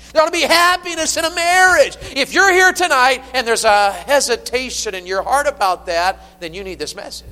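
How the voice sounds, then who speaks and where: A man preaching a sermon in a church, animated and folksy with humor. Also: sits high. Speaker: pastor. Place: church sanctuary. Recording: long reverb of a church hall.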